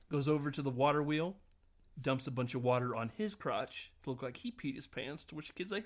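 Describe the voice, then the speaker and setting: A man's voice: mid-range voice, brisk. A man hosting a casual podcast, recapping a film scene by scene and acting out the lines, often laughing. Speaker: podcast host.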